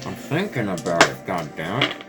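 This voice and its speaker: Deadpan male player; dry, sardonic table talk. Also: low-pitched, moderate pace, over loud music. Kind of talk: casual play at a tabletop game.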